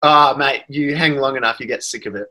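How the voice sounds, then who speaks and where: A man's voice: mid-range voice, brisk, pushed and bright, rough recording. A man with an Australian accent, a guest on a podcast, chatting casually in a rambling, self-deprecating way. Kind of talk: casual chat.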